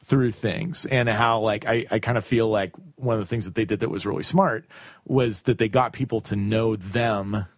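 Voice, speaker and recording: A man's voice: fairly low pitch, steady tone, normal speed, no echo. A man hosting a casual music chat, talking in long rambling questions full of restarts and fillers. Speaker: podcast host interviewing a band.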